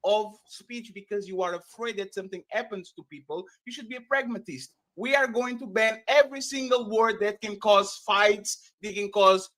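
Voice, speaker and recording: A man debating on a casual live panel, animated and argumentative, often stumbling and restarting mid-sentence. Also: sits high, moderate pace, hardly any pauses.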